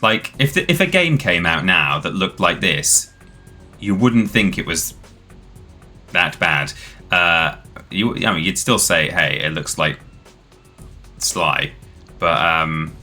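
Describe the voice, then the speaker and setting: A man with a deep, pushed, bright voice hosts a live stream, chatting and rambling enthusiastically about the game he's playing. Faint game music plays in the background.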